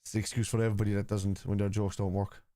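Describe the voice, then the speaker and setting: A man's voice: fairly low pitch, little pitch movement, racing, dark tone, no echo, clean studio sound. A middle-aged man hosting a football watchalong, talking casually and bluntly while reading out and answering viewers' comments. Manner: blunt, combative with chat, reads comments aloud. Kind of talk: casual live-stream chat.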